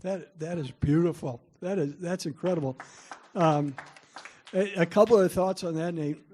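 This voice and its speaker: A man's voice: a little high, normal speed, dark tone, slight background noise. A middle-aged man giving a parent workshop, telling chatty, self-deprecating stories to the room. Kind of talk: storytelling talk to parents.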